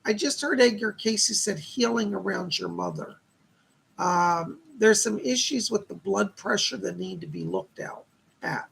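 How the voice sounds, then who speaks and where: A man's voice: sits high, measured pace, vocal fry, a bit bright, husky. A man hosting a live stream of psychic readings, chatty and upbeat, reading viewer comments aloud and thanking donors.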